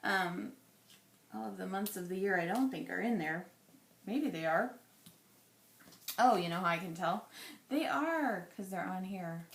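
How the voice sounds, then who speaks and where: A woman in her thirties, chatty and rambling as she thinks aloud while scrapbooking, her voice going a little hoarse. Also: medium pitch, animated, unhurried, pauses often, roomy sound. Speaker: scrapbooking vlogger. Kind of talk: casual crafting chat.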